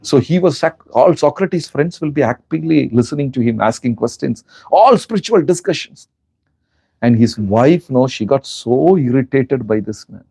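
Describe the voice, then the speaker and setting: A man's voice: medium pitch, animated, moderate pace, gravelly, warm tone, slightly rough, no echo. A man with an Indian accent gives a spiritual lecture, telling stories with animation and asking his listeners rhetorical questions. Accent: Indian English. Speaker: spiritual teacher.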